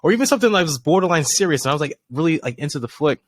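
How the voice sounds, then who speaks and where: A man's voice: a little high, very animated, racing, dry recording. Rambling man telling a story, dry sound. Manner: rambling, filler-heavy storytelling. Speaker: podcast co-host. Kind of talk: casual chat.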